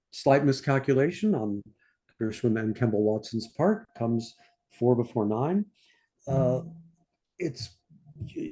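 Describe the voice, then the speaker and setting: Teaching a masterclass, an older conductor from the United States talks through a score in a mellow, mid-range voice. Orchestral lines come out as scat singing between his explanations, and his pace is unhurried, full of thinking-aloud fillers.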